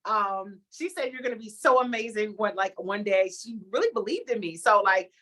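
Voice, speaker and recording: A young adult woman, a TV host, chatting as an interview guest and telling a story with lively acted-out reactions. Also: mid-range voice, normal speed. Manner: animated storytelling, acts out her own reactions. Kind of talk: casual interview chat.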